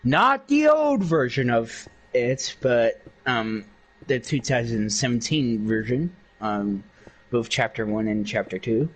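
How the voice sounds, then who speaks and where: A young man chatting during a game and boasting about his impressions, rambling with plenty of fillers. He talks slowly, with a lively rise and fall in his mid-range voice. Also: medium pitch. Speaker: game streamer doing impressions. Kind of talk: casual gaming chat.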